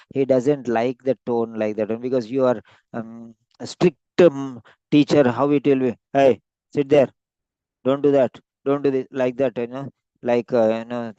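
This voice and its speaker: A man coaching a student, giving rambling spoken feedback with many pauses, heard through dull lo-fi audio. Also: medium pitch, darkish tone, clean tone, dry recording. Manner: rambling, many fillers and restarts. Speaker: speaking coach. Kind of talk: spoken feedback on a practice exam.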